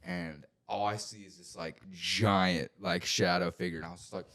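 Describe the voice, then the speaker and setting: Low-voiced young man telling rambling stories. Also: moderate pace. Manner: rambling, profane, full of "like" fillers, gets loud and excited at scary parts. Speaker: podcast co-host. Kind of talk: casual storytelling chat.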